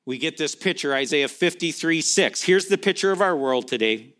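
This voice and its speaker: A man's voice: fairly high pitch, lively intonation, moderate pace, hardly any pauses, a bit bright. A middle-aged man preaching a sermon as pastor. He speaks emphatically, asking rhetorical questions and repeating key phrases.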